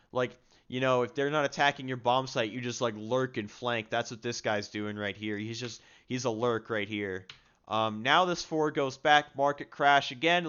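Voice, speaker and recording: Young male gamer, casual filler-heavy commentary, smooth voice, slightly dull lo-fi recording. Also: mid-range voice, fairly bright tone. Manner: chatty, frequent fillers, self-deprecating. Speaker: gaming video creator.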